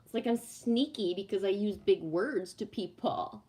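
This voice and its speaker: A woman's voice: medium pitch, normal speed, dark tone. A woman livestreaming casually to viewers, ranting bluntly and swearing freely, then reading oracle cards. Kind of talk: casual live chat with viewers.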